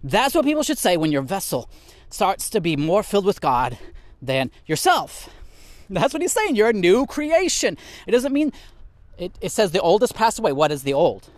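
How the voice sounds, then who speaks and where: A man teaching from the Bible in an animated way, a little out of breath as he walks and talks. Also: high-pitched, moderate pace, dry recording. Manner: animated, reads and explains scripture; talks while walking vigorously.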